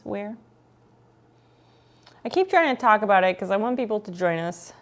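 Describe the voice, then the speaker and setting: A woman streaming from home, chatting casually with viewers, playful and teasing, with some swearing. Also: mid-range voice.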